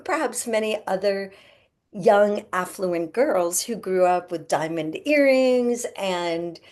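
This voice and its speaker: A woman's voice: mid-range voice, expressive, slow, darkish tone. A middle-aged woman, a healer and podcast guest, telling a spiritual story in an earnest way and acting out the voices in it.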